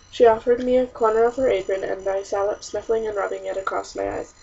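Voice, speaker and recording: Husky woman reading a diary story. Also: mid-range voice, level tone, fast talker, hardly any pauses, dark tone. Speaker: audiobook narrator. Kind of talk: first-person storybook narration. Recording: distant, muffled audiobook recording.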